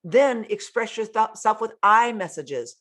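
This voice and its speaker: A female self-help host with a slightly high, fairly bright, expressive voice speaks a little slowly in a motivational talk. She coaches listeners in an earnest, blunt, frank way and swears casually.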